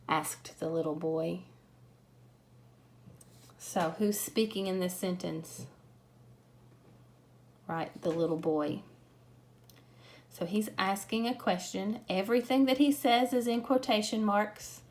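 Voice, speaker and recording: A woman teaching a grammar lesson, explaining punctuation slowly and patiently. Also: medium pitch, steady tone, a little hiss or hum.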